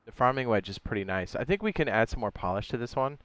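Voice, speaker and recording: Laid-back man with a smooth voice. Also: medium pitch, fast talker, no room sound. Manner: relaxed, rambling, slangy ("dog", "my guy"). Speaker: game streamer. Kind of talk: casual livestream chat.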